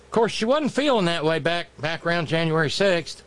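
A male talk show host delivers sarcastic political commentary, mocking his targets with profane asides. His voice sits high and leaps around expressively as he jokes. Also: expressive, fairly quick, fairly bright tone, clean tone.

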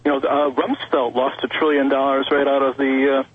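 Raspy-voiced man calling in by phone. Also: mid-range voice, little pitch movement, moderate pace, dry recording. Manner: rambling, with fillers and restarts. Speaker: caller. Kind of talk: call-in talk radio. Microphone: telephone. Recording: raspy voice over a dull phone line.

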